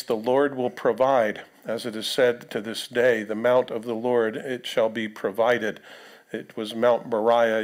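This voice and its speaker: The preacher, a man of medium pitch, keeps his sermon conversational, alternating between reading scripture aloud and questioning the congregation.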